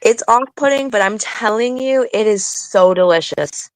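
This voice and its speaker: A woman's voice: fairly high pitch, no echo, low-quality recording. A middle-aged woman chatting casually as a podcast co-host, telling stories and drawing out words for emphasis. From New England. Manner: chatty storyteller, drawn-out emphasis. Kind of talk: casual chat.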